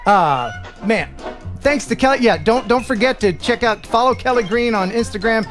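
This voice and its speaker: A man's voice: extremely high pitch, expressive, a bit bright. Upbeat male host, loose live-stream banter over light background music. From United States. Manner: upbeat, chatty, quick to laugh. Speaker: host of a live drone show. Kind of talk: casual live-stream chat.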